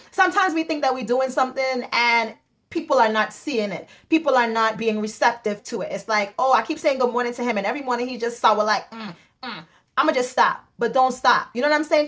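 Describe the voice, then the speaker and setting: A woman's voice: sits high, a bit bright. A young Trinidadian woman telling stories in a casual vlog chat, acting out quoted exchanges with big jumps in her voice. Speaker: vlogger.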